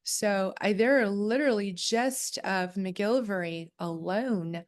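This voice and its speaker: Speaking a little slowly in a mid-range voice, this female co-host takes part in a relaxed conversation on clan history and family research. She keeps things chatty and frequently reads passages from a booklet.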